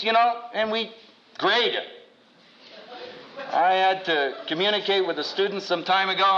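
A seminary professor teaches from the Bible to an audience with wry humor, animatedly acting out quotes through big jumps in pitch. The audio is dull, with a little hiss or hum.

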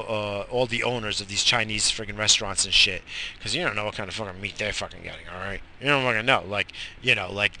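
A man's voice: mid-range voice, sharp tone. A man delivering a profane, mock-outraged comedic rant, angry and repetitive. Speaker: comic ranter.

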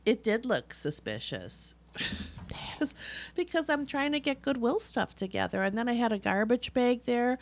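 A woman chatting casually, telling a story in an animated way with frequent laughter. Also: on the high side, unhurried, slight background noise. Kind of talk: casual chat.

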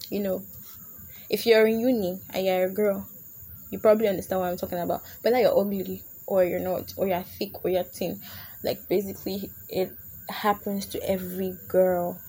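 A woman's voice: medium pitch, steady tone, normal speed, mellow, husky. A young adult woman hosting a casual comedic podcast, chatty and laughing often as she slips into put-on voices. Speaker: podcast host.

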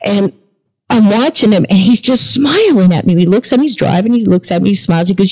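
A woman's voice: medium pitch, sing-song, quick pace, darkish tone. A woman guest on a podcast, telling a story in a casual interview and acting out the dialogue as she goes. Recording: dull lo-fi recording.

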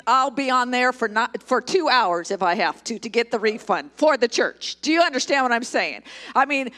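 A woman's voice: high voice, a bit bright. A woman pastor preaching a live sermon in a church service, emphatic and joking, calling for responses from the congregation.

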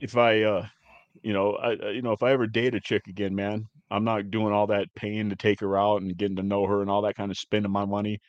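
A man hosting a casual podcast, rambling crudely with constant fillers and getting loud and high when worked up. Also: little pitch movement, fast talker, no room sound, dull audio. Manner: rambling, heavy filler words like "man" and "you know". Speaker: podcast host. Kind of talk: casual ranting chat.

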